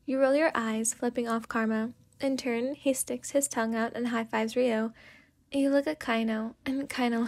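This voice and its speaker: Woman, sleepy soft storyteller, slightly high voice, whispered role-play, second-person narration. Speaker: fanfic reader.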